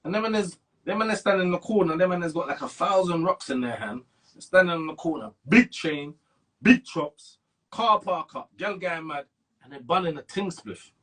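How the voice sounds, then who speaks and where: Husky-voiced South London man, animated. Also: normal speed. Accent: South London, London slang. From Brixton, South London. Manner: animated street talk, jumps in pitch when emphatic. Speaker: interview guest. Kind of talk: casual interview chat.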